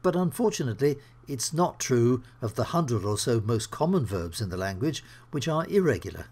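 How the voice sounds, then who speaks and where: A man teaching English grammar, explaining slowly and clearly with worked examples. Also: medium pitch, sing-song, darkish tone. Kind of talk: grammar lesson.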